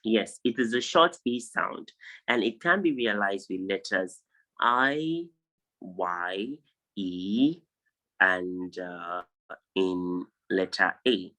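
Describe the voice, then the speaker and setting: A man's voice: sits low, slow pace, bright, forceful tone, poor audio. A man from Nigeria teaching vowel sounds in an online lesson over a video call, drilling word lists aloud one word at a time. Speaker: English tutor.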